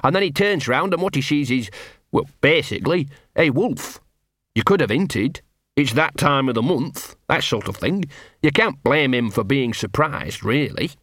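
A man's voice: medium pitch, expressive, normal speed, a bit bright, no echo, clean studio sound. A man voicing a scruffy, streetwise male talking dog who grumbles sardonically. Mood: sardonic.

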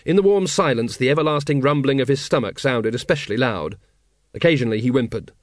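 A man narrating an audiobook in a measured, wry storytelling manner. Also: medium pitch, no echo, studio quality. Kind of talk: scripted narration.

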